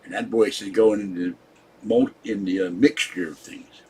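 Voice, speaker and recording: Husky irritable older man. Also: fairly low pitch, fairly even intonation, moderate pace, warm tone. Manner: irritable, scolding viewers in the chat. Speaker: livestream host. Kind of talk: rambling live-stream chat.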